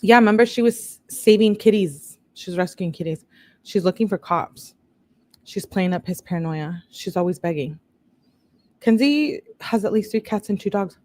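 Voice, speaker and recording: A woman's voice: medium pitch, lively intonation, moderate pace, darkish tone. A woman hosting a true-crime video, reading text messages aloud in a casual way and breaking off to react and talk to her viewers.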